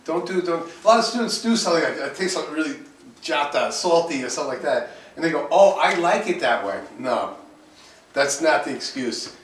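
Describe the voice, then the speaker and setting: Brief: male cooking teacher, slightly high voice, heard from across an echoey classroom with faint hiss, repeats and restarts as he lectures. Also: fairly quick, a bit bright, far from the mic. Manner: repetitive, restarts often, switches to bold exclamations.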